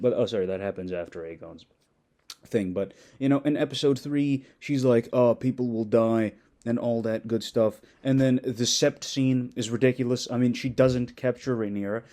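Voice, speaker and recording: Sarcastic ranting man, mellow voice. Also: mid-range voice. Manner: mocking, exasperated, swears often. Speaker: video commentator.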